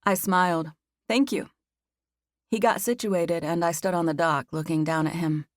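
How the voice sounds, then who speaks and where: Woman reading an audiobook, kinda low voice, expressive, super dry close studio mic. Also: moderate pace, no room sound. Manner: expressive, lifting high for the heroine's nervous dialogue. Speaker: audiobook narrator. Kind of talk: first-person audiobook narration.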